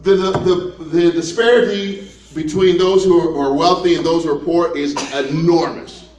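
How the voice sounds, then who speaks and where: High-voiced pastor preaching in an echoey church. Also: male voice, steady tone, moderate pace, darkish tone, a little hiss or hum. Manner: humorous, conversational storytelling with laughs. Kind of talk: sermon. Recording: echoey room, mic at a distance.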